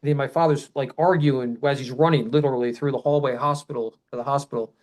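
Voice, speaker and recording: A middle-aged man recounts a personal memory at length, his voice sitting in an ordinary middle pitch. He rambles and circles back, restarts his sentences, and bursts into loud quoted shouts of what people said. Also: fairly even intonation, fast talker, low-quality recording. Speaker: podcast guest. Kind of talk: emotional personal storytelling.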